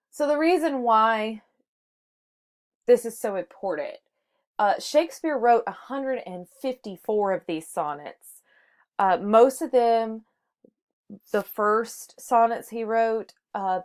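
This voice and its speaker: A woman's voice: mid-range voice, clear, resonant tone. A woman teaching a short lesson on poetry, explaining step by step with some fillers and restarts. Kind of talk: microteaching lesson on sonnets.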